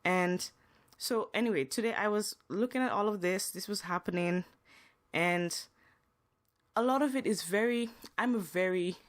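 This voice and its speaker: A woman's voice: mid-range voice, moderate pace. A young adult woman hosting a podcast, telling personal stories in a casual, emotional way with frequent restarts. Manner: emotional, earnest storytelling with many restarts. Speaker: podcast host.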